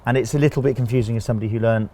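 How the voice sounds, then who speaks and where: A man's voice: medium pitch, fairly even intonation, racing, mellow, a little hiss or hum. A man co-hosting a casual chat, explaining things step by step with jokes along the way. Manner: chatty, jokey, explaining step by step. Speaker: co-host.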